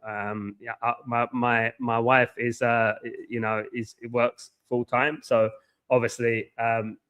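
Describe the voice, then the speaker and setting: A married man from hosting a football watchalong, talking fast and passionately, with lots of repetition and shout-outs to chat. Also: medium pitch, smooth, dull audio. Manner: excitable, buzzing, repeats phrases, reads chat aloud. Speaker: watchalong host. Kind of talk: casual live-stream chat. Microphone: headphones with mic.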